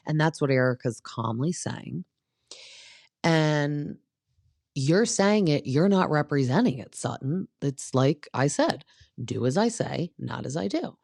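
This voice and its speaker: A woman's voice: low-pitched, expressive, slow pace, vocal fry, a little mellow, dry recording, clean studio sound. A young woman hosting a casual recap show, chatty and opinionated, acting out what people said. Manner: chatty, opinionated, acts out quotes. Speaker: podcast host recapping reality TV. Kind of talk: casual chat.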